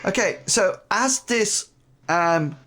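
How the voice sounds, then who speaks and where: A man running an online tabletop game as game master, narrating in a halting way with many pauses. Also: sits high, animated, bright, forceful tone. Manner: halting, with frequent pauses and fillers.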